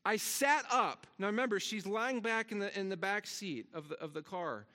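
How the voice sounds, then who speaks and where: A man's voice: high voice, fairly quick, bright, forceful tone. A man preaching a sermon as pastor, earnest, repeating words and rising for emphasis. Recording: long hall reverb.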